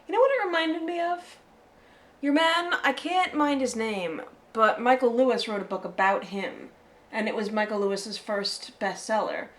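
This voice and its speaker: A woman co-hosting a film review show in casual, rambling, excitable chat. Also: on the high side, normal speed.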